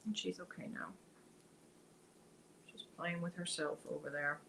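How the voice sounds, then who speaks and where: A woman's voice: on the low side, fairly even intonation, unhurried, gravelly, pushed and bright, slight background noise, low-quality recording. A woman hosting a casual crochet livestream, chatting with viewers, reading their comments aloud and talking to her cat.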